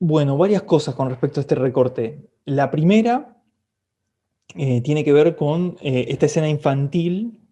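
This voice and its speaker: A male lecturer speaking casually in a class, pausing on drawn-out fillers and turning to his listeners to check they follow. His voice is a little higher than most men's, with a mellow, dark tone. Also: slight background noise.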